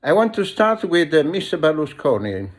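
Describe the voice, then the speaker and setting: A man with an Italian accent hosting a video, telling stories in a casual monologue and often pausing to search for words. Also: a little high, very animated. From Italy. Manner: hesitant, searches for words with many ums and restarts. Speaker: video host.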